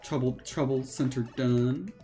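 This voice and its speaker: A woman's voice: rumbling low, a little slow, over music. A woman streaming a game and talking casually, in a rambling, hesitant way. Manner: rambling, hesitant, with fillers and restarts. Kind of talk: casual gameplay commentary.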